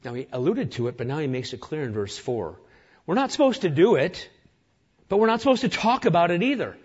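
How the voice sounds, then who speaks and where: A man's voice: on the high side, sing-song, brisk, a little mellow, breathy edge, lo-fi sound. A man preaching a sermon as pastor, earnest and emphatic, piling up lists of words.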